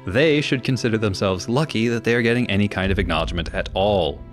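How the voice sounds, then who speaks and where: A man co-hosting a podcast, narrating a prepared segment in a measured storytelling way. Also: fairly low pitch, faint music behind. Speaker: podcast co-host. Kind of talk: casual chat and prepared narration.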